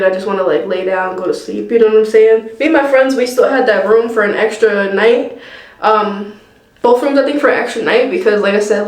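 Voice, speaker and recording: Chatty young woman telling a story, echoey. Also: on the high side. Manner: slangy, animated retelling with quoted dialogue and laughs. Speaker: vlogger. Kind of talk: casual storytime while doing her hair. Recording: echoey room.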